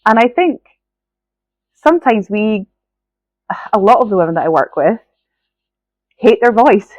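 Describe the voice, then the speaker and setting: A woman's voice: mid-range voice, sing-song, measured pace, a little mellow, no echo, dull audio. A woman with a Scottish accent hosting a solo podcast, sounding nasal from a cold, earnest and encouraging as she talks straight to the listener. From Scotland. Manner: earnest, encouraging, addresses listener directly with frequent "right?". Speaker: podcast host.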